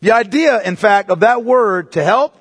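A man's voice: sits high, animated, normal speed, breathy edge. A male pastor preaching a sermon emphatically, often asking the congregation rhetorical questions. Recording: long reverb of a large hall.

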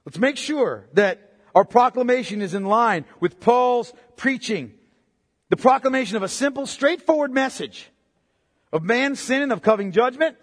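A man preaching a sermon as pastor, impassioned, swinging between loud outbursts and low, quiet emphasis. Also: animated, normal speed. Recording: long hall reverb.

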